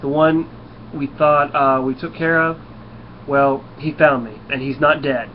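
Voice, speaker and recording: A man's voice: medium pitch, fairly even intonation, a little slow, muffled recording, slight background noise. A man casually reviewing a comic book, talking in a loose, rambling way and sometimes tripping over words.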